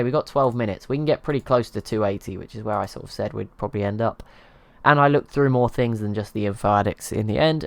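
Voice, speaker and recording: A man's voice: medium pitch, vocal fry, dry recording. A man hosting his gaming channel, giving casual, rambling commentary over strategy gameplay and laughing at himself. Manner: rambling, self-deprecating, chuckles at himself.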